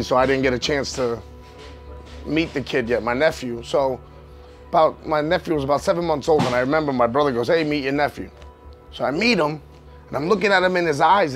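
A man, a professional wrestler telling his story in a candid sit-down interview, emotional and rambling. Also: a little high. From New York. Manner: emotional, rambling, frequent "you know what I mean".

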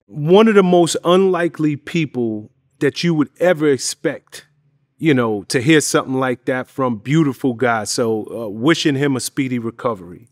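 A man hosting a casual interview, giving shout-outs and asking loose, restarting questions. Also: mid-range voice, moderate pace, dry recording, clean studio sound. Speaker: interview host.

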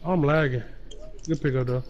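A man's voice: mid-range voice, steady tone, normal speed, lo-fi sound, slight background noise. A young man chatting while gaming and telling a rambling, made-up bedtime story to a kid. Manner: laid-back, rambling storyteller. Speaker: gamer and storyteller. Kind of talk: casual chat while gaming, improvised story.

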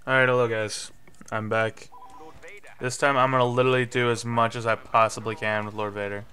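A young man doing live gameplay commentary, swearing and getting frustrated, with sudden yelling bursts. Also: mid-range voice, level tone, fairly quick. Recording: faint music behind.

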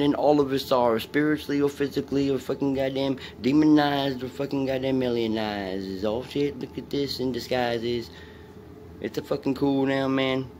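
A man's voice: medium pitch, darkish tone, slight background noise. A man vlogging in a rambling, profane way, coaxing and talking to an unseen presence and his dog.

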